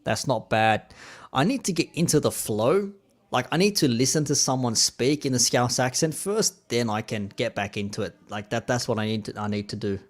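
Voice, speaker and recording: A man with an Australian accent, chatting casually on a live stream in a relaxed, rambling way with plenty of fillers. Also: medium pitch, normal speed.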